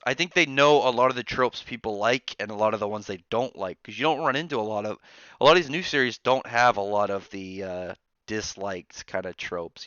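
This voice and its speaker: A man hosting a casual live stream from his barracks room, rambling through chat with quick asides and restarts. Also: on the low side, fairly bright tone, no echo. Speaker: streamer host reading chat. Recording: dull lo-fi sound.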